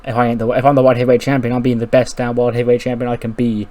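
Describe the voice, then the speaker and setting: A brash male wrestling champion cutting a boastful promo, voiced by a man. The delivery is loud and hyped. The voice sits at an ordinary male pitch. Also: little pitch movement, rapid-fire, close to an everyday voice. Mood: determined.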